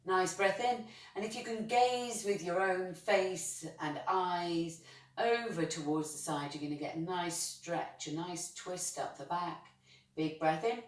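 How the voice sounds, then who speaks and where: A woman leading a chair yoga class, guiding breaths and movements with gentle, encouraging praise. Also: fairly low pitch. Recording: roomy sound from a distance.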